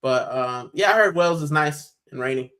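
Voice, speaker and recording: A man's voice: fairly high pitch, expressive, normal speed, fairly bright tone, poor audio. A man from Puerto Rico hosting a football channel's live stream, chatting casually and animatedly, with plenty of "bro".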